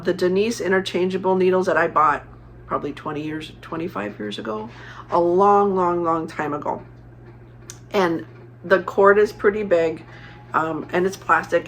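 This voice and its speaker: A woman's voice: medium pitch, a bit bright, a little hiss or hum. A middle-aged woman from Arizona chatting casually as a crafting vlogger, rambling with many fillers and restarts. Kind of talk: casual chat.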